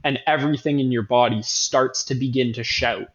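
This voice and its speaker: A man's voice: medium pitch, fairly even intonation, moderate pace, lo-fi sound. A man hosting a casual running talk, earnest and emphatic, often repeating words and correcting himself mid-sentence. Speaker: running coach host.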